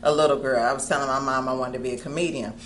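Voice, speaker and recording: A woman's voice: a bass voice, steady tone, rapid-fire, slight background noise. A woman comedian in her thirties from Ohio, telling her story in a casual interview and acting out the people she quotes. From Cincinnati, Ohio. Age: 30s. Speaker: comedian guest.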